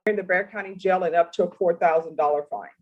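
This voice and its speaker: A woman judge in a courtroom, asking formal, deliberate questions in a stern manner. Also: on the low side, steady tone, lo-fi sound. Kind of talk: courtroom plea hearing.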